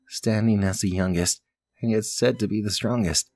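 A man's voice: lowish voice, steady tone, normal speed, a little mellow, no room sound, clean studio sound, faint music behind. A man playing a puzzle game who reads the story text aloud, mutters to himself and swears. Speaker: let's play gamer. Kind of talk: casual game commentary and reading aloud.

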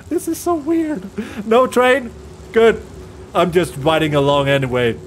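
A man's voice: sits high, unhurried, noisy background. A man commentating a horror game as he plays, nervous and jittery, swearing and laughing to himself and his viewers. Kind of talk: let's play commentary.

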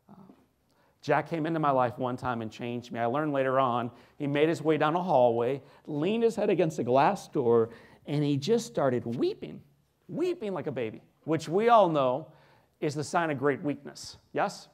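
Brief: American male keynote speaker, mid-pitched voice, dramatic storyteller with hushed and loud turns. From United States. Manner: dramatic, swinging between loud emphasis and hushed asides, asks the audience questions. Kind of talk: inspirational storytelling speech.

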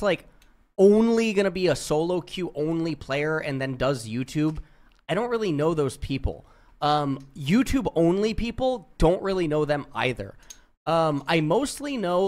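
A young man streaming, giving casual commentary in a blunt, profane way, full of "like". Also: a little high. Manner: profane, blunt, heavy use of "like". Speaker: streamer reacting to chat logs.

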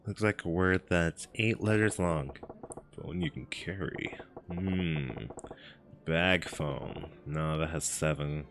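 A man streaming a game, chatting casually, laughing often and thinking out loud as he works through clues. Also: low-pitched, noisy background. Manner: laughs often, thinks aloud, spells words out slowly. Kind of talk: casual gameplay chat. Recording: faint game music behind.

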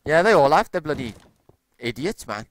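Lively laid-back man gaming. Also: on the high side, normal speed. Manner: relaxed, laughs easily, calls friend dude. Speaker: gamer co-host. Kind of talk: casual gameplay chat.

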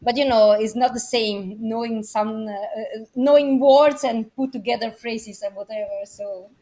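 Italian-speaking woman, halting speech. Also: a little high, steady tone, warm tone. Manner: halting, searching for words. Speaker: guest commentator. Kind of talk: casual chat.

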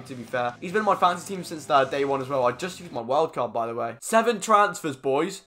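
A young man chatting through a video game pack opening, excitable and slangy, with bursts of shouting at big pulls. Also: on the high side. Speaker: gaming YouTuber. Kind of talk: casual pack-opening commentary.

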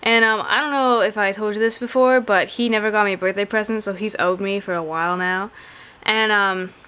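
A woman's voice: medium pitch, bright, forceful tone, smooth. A young woman vlogging to camera, chatty and rambling with many fillers, on the camera's own mic. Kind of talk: casual chat to camera.

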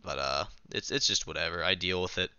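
A man's voice: low-pitched, fairly quick, bright, forceful tone, smooth, dry recording, highs cut off. A young man casually live-streaming a game, chatting and reading his chat aloud with a self-mocking manner, keyboard clicks behind.

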